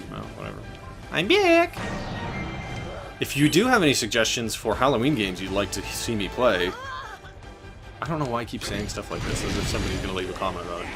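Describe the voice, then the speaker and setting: A young man chats his way through a game, tossing off deadpan absurd jokes between plays. His voice rises and falls a lot in a middle register. Loud game music plays under him and button clicks sneak in. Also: mid-range voice. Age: 20s. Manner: joking, rambling, deadpan absurd asides. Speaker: gaming channel host. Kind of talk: casual gameplay commentary. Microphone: desk mic with button clicks heard.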